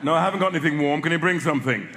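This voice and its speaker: A calm young man on a hill, as a man puts him on, chats with his mum in a slightly raised, easy voice. It is caught in a live venue with a long echo and noise behind. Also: on the high side, racing, natural voice. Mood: breezy. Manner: casual, phone-call chatter. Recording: reverberant live venue recording.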